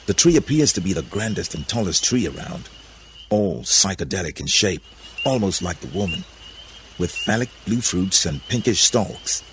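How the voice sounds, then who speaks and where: A man narrating a storybook reading in an animated way, voicing many characters. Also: deep voice, moderate pace, slight background noise.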